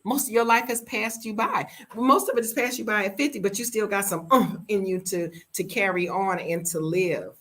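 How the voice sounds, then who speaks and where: A woman's voice: medium pitch, moderate pace, few pauses, fairly bright tone. An American woman in her fifties telling a story in a blunt, emphatic, casual way, repeating words for stress. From United States. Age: 50s. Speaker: vlogger living abroad.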